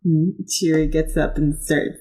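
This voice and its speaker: A woman narrating as game master of a tabletop role-playing podcast, laughing often and pausing on fillers. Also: sits low, little pitch movement, dark tone. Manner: giggly, halting with fillers.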